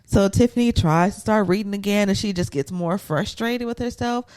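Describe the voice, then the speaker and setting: A woman co-hosting a podcast, casually recapping a reality show, animated and acting out what people said. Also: mid-range voice, normal speed. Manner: animated, acts out quotes in playful voices. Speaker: podcast co-host.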